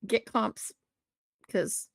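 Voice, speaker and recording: A woman co-hosting a podcast, ranting about wrestling in a profane, animated way. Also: drawn-out words, dry recording, clean studio sound. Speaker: podcast co-host. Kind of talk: casual wrestling chat.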